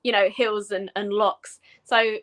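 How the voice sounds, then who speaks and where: A woman with an English accent talks as a podcast guest, her pitch sitting in a middling range. She explains steadily and patiently. Her talk is loosened by frequent fillers. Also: little pitch movement, unhurried, a bit bright. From England. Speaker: guest, education professor. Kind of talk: casual podcast interview.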